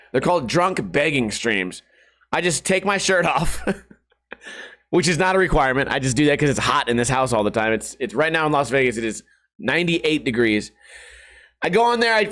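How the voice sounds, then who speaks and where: A man's voice: on the high side, fairly bright tone. A man in his thirties talking casually to camera at home, rambling and joking with lots of swearing. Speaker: vlogger. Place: hot house.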